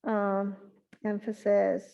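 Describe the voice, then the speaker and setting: A woman giving a math exam review in an online class, talking in a halting way and thinking aloud with many pauses and fillers. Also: mid-range voice, completely flat delivery, vocal fry, warm tone, clean tone, muffled recording. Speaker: math instructor.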